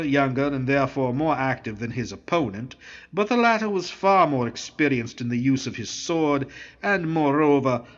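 A man's voice: mid-range voice, a bit bright, highs cut off. Man narrating an old novel. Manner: measured storytelling. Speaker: audiobook narrator. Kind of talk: audiobook reading of a classic novel.

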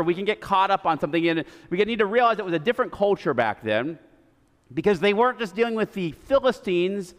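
A male pastor preaches a sermon in a relaxed, storytelling way and scatters casual fillers through it. His voice sits high for a man and swings widely in pitch. A long church reverb trails behind every phrase. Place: church sanctuary.

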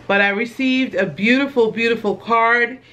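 A woman's voice: on the high side, normal speed, pushed and bright, dull audio. An older woman, chatting in a casual haul vlog, affectionate and easily moved. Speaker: vlogger.

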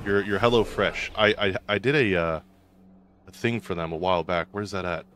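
Over game music, a man gives relaxed gameplay commentary, joking, reacting aloud, and reading out his viewers' messages. His low-pitched voice is a bit bright and steady in tone, at normal speed.

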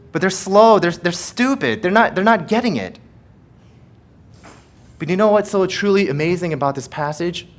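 A pastor preaching a sermon with emphatic repetition and rhetorical questions, swinging between forceful passages and hushed prayer. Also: male voice, high voice, lively intonation, normal speed, long pauses. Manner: emphatic preaching, rising loud then dropping to hushed prayer; repeats phrases and asks rhetorical questions.

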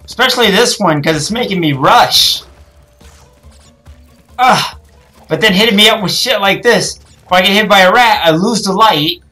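A young woman playing a video game and commenting, cursing and yelling at the screen in frustration. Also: medium pitch, animated, moderate pace, long pauses. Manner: frustrated, swears a lot, yells at the game. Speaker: gaming channel host. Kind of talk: let's play commentary.

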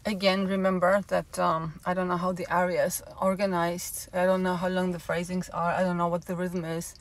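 A woman's voice: lowish voice, level tone, moderate pace. Woman singer chatting away in her car, kinda breathless, lots of likes and ums. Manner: chatty, explains with many fillers. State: slightly out of breath. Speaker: opera singer. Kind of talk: casual vlog explanation.

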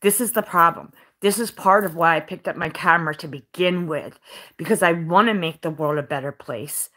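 A woman's voice: on the low side, moderate pace, fairly bright tone. A woman speaking to her viewers as an independent journalist, earnest and aggrieved in her vlog monologue.

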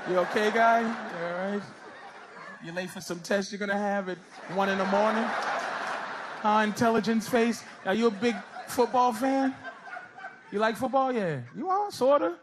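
A middle-aged man doing stand-up comedy and teasing people in the crowd, with loose, drawn-out delivery. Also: sits high. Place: comedy club stage with a laughing audience. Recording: live stage recording with crowd and noise. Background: audience laughter.

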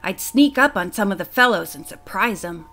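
A woman's voice: mid-range voice, expressive, moderate pace, a bit bright, soft background music. A woman voicing an eager, cheerful young boy in a children's storybook reading. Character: cheerful young boy, Bert, older twin.

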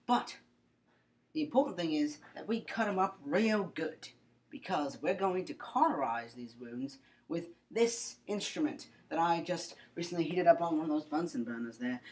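Young woman hamming up a fake science skit, low-ish voice but swoops around a lot, rambly and mock serious. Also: darkish tone. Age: young adult. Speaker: student presenter in a comedy skit.

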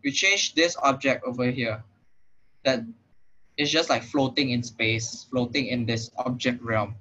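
A young programming tutor with a Singaporean English accent gives an online tutorial lesson at a measured pace, his mid-range voice bright and forceful. He's casual and slightly out of breath, with frequent fillers and "right?" check-ins. The audio is muffled and lo-fi, like a computer microphone on an online call.

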